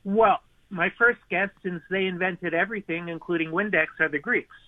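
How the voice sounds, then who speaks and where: High-voiced guy guessing answers over a tinny phone line. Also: fairly even intonation, moderate pace, no echo. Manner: playful guessing, quiet. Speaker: caller. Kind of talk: phone-in chat.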